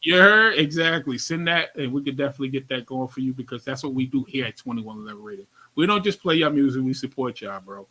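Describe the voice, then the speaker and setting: A man's voice: mid-range voice, animated, quick pace, hardly any pauses, pushed and bright, poor audio. A man with a New York accent hosting a radio interview, chatting casually in slang and repeating his phrases. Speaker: radio show host.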